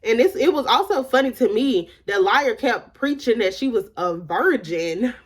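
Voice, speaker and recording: A woman's voice: a little high, expressive, normal speed, breathy edge. A woman vlogger telling a casual storytime, emphatic and candid, filling her talk with "like" and retelling conversations. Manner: emphatic, repeats "like" often.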